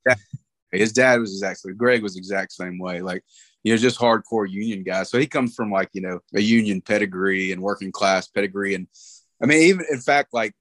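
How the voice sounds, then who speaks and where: A man's voice: lowish voice, fairly quick, fairly bright tone, dry recording. A middle-aged man talking casually about a late friend, rambling with lots of fillers. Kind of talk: casual conversation.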